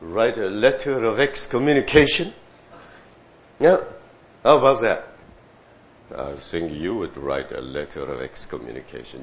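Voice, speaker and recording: Man, preacher, sermon, very deep voice, slow unhurried delivery, loud emphatic bursts, faint background noise. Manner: animated, rising to loud emphatic peaks, asks the listeners "right?".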